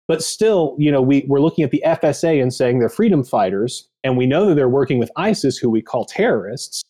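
A man's voice: medium pitch, lively intonation, brisk, warm tone. A man co-hosting a casual podcast discussion, emphatic and swearing freely. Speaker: podcast co-host.

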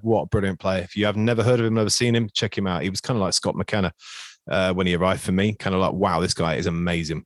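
A man hosts a casual quiz podcast over a video call. He is chatty and teasing, rambling between questions. His voice is fairly low and sounds dry and close. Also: dry recording. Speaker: quiz host.

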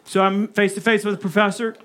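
A male preacher telling a personal story in a sermon, animated and speaking asides to his listeners. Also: high-pitched, fairly quick. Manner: animated, acts out quoted voices, asides to the audience.

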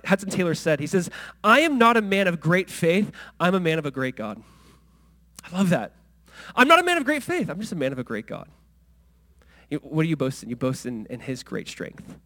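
Guy pastor preaching, kinda high voice, chatty asides, goes quiet then loud. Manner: conversational preaching with many asides and rhetorical questions; swings between quiet, low asides and loud, high exclamations. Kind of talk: sermon.

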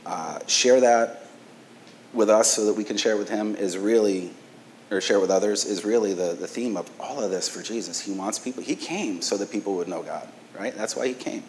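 Low-voiced casual preacher, keeps asking "right?". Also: male voice, a little mellow, a little hiss or hum, poor audio. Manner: casual, asks "right?" often, stammering restarts. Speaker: pastor. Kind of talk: conversational sermon.

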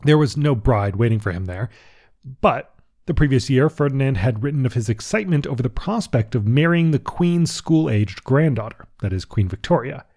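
A man's voice: medium pitch, expressive, normal speed, darkish tone. Casual male history podcast narrator. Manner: casual, chuckling asides, some restarts. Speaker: podcast host.

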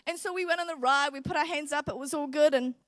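A young woman with a high, bright voice delivers a sermon in a lively, conversational storytelling manner. The sound is close and dry, with no room echo. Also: fast talker. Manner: animated, chatty storytelling with laughs. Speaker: preacher. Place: church.

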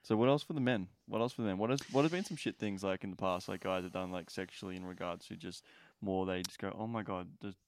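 A man's voice: low voice, fast talker, hardly any pauses, a little hiss or hum. A man hosting a podcast, chatting casually, swearing freely and laughing often. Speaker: podcast host. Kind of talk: casual chat.

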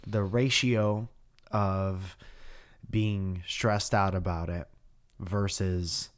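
A man with a very deep voice hosting a casual podcast. He talks in a relaxed way, wry and easygoing. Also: drawn-out words, clean tone. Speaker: podcast host and comedian.

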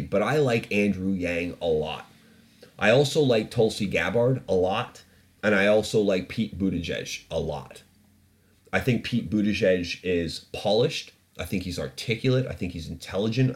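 A man with a very low voice holds forth as the host of a studio podcast. He rants about the news in a loose, opinionated way, swearing freely and laughing at his own points. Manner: ranting, profane and opinionated, with frequent laughs. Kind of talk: casual solo podcast commentary.

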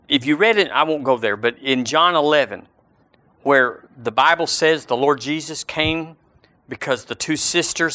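Man preaching, bright, dry close mic, emphatic build and slow scripture reading. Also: mid-range voice, no room sound. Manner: emphatic preaching, slows for scripture and rises on key words. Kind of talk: sermon.

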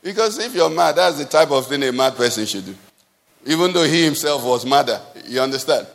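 A man's voice: mid-range voice, animated, brisk, vocal fry. A man preaching a sermon, asking the congregation rhetorical questions with emphasis. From Nigeria. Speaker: pastor. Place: church hall. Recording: long hall reverb.

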